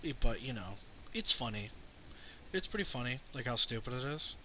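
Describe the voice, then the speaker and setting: This young man's mid-range voice is animated, bright, and forceful, at normal speed, with slight background noise. On his channel he reviews a film in a rambling, profane, sarcastic rant, cursing often and mocking what the characters say as he recounts scenes.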